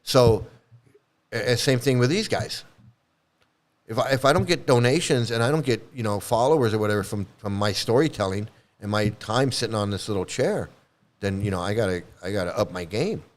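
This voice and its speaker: A man's voice: fairly low pitch, a little fast. A man giving a rambling, blunt commentary in casual monologue, swearing freely and restarting his sentences often. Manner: rambling, blunt, profane, many restarts and fillers. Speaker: ex-cult commentator.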